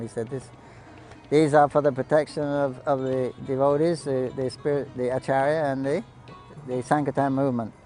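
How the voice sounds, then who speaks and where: Dark-voiced man telling devotional stories. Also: medium pitch, low-quality recording. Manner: anecdotal, halting, quotes people in the story. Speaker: devotee storyteller on a pilgrimage broadcast. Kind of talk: devotional storytelling talk.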